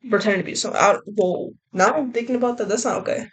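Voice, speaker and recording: A woman's voice: mid-range voice, quick pace, slightly rough. A young woman vlogger rambling casually, often trailing off and restarting her thoughts. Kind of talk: casual chat.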